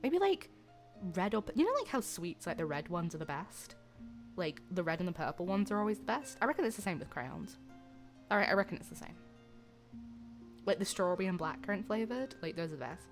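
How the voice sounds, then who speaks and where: A woman's voice: fairly low pitch, big pitch swings, a little fast, faint music behind. A young woman chatting playfully with her stream viewers, rambling and giggling. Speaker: livestreamer. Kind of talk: casual chat with viewers.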